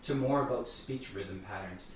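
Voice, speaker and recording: A man explaining piano music as a teacher, thoughtful and unhurried, sometimes stumbling over repeated words. He sits back from the mic, so his voice carries a strong room echo with a faint hum behind it. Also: lowish voice. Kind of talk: explaining piano repertoire between playing. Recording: echoey room, voice far from the mic.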